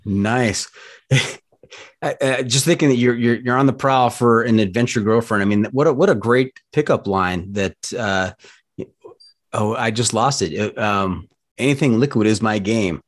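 A man's voice: medium pitch, a little slow. A man hosting a podcast who asks questions casually and repeats words as he stammers. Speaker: podcast host. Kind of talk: casual interview.

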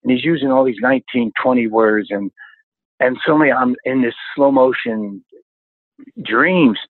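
A man in his sixties, a stunt coordinator telling lively stories in an interview, often exclaiming as he recalls events. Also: medium pitch, normal speed, dry recording. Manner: animated anecdotes, exclaims often. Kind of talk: storytelling interview chat. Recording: dry, tinny phone-like line.

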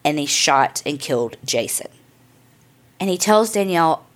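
Woman, podcast host, lowish voice, casual storytelling, chatty, profane. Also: expressive, moderate pace, pauses often. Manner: chatty, profane, full of "like" and "I mean". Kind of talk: casual true crime storytelling.

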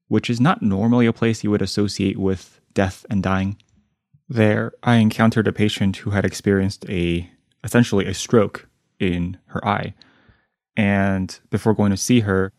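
A young man with a low, gravelly voice asks his guest a measured, prepared question. The sound is dry and close, with no room around it. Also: a little mellow, no room sound. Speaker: medical trainee host. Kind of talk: interview question.

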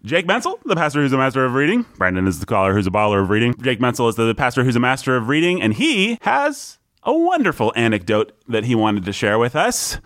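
A man's voice: medium pitch, sing-song, fast, hardly any pauses, a bit bright, no echo, studio quality. A man hosting a podcast in a playful, jokey casual chat. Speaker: podcast host.

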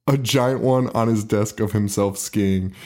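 A man's voice: on the low side, slow. A man co-hosting a podcast, laughing a lot and swearing as he retells scenes. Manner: laughs often, profane, animated retelling. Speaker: podcast co-host. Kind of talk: casual podcast chat.

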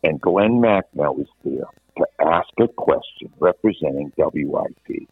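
Deep husky man on a tinny line. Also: unhurried, no echo. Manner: animated anecdotal, frequent restarts. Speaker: veteran sports radio host, guest. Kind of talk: casual storytelling chat.

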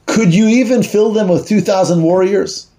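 A man's voice: high voice, normal speed, mellow, voice pushed up. A man voicing a taunting, boastful envoy. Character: arrogant male royal envoy, mocking and threatening.

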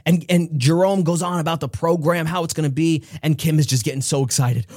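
Male motivational host, emphatic storyteller, slightly high voice, dry sound. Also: a little mellow, dry recording. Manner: emphatic storytelling, speeds up and slows. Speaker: podcast host. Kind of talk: motivational monologue.

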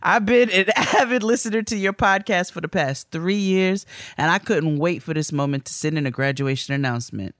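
A young woman co-hosting a podcast, reading listener letters in an animated, teasing way. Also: on the low side, moderate pace, dry recording, clean studio sound. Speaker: podcast co-host.

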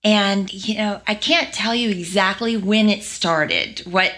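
A woman's voice: mid-range voice, unhurried, a bit bright. A woman, a guest on a podcast, telling her own career story candidly in a conversational interview. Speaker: podcast guest, former lawyer.

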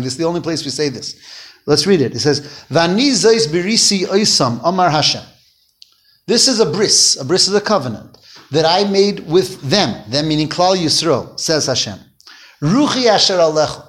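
A man teaching a Torah class in a fairly high voice. He explains step by step, repeats key phrases and keeps turning to the students with questions. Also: a bit bright.

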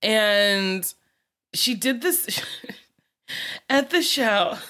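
A woman in casual podcast chat, telling animated stories and laughing often. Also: medium pitch, extremely slow.

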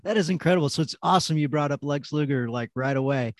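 A man's voice: fairly high pitch, fast talker, dry recording, studio quality. A man hosting a podcast, chatting enthusiastically with his guest. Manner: enthusiastic, upbeat. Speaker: podcast host. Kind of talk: casual podcast conversation.

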